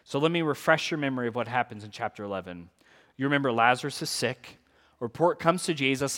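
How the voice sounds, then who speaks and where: A man preaching a sermon, reading scripture aloud and explaining it in an earnest, lively way with casual asides. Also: mid-range voice, quick pace. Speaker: pastor. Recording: long hall reverb.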